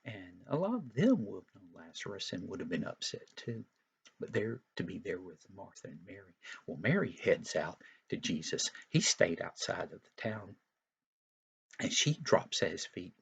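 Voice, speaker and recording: A man's voice: sits low, big pitch swings, moderate pace, gravelly, breathy edge. A man teaching Sunday school, retelling a Bible story for young children in a folksy, explanatory way with frequent asides.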